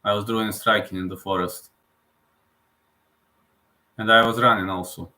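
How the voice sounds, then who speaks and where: A man's voice: on the low side, steady tone, a little slow, bright, forceful tone. Man, live stream host, casual commentary, rambling, repetitive, non-native phrasing.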